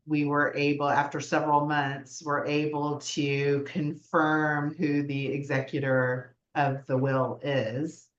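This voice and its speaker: A woman co-hosting a casual podcast chat, talking through a story with frequent pauses. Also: deep voice, little pitch movement, reverberant, highs cut off. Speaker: podcast co-host.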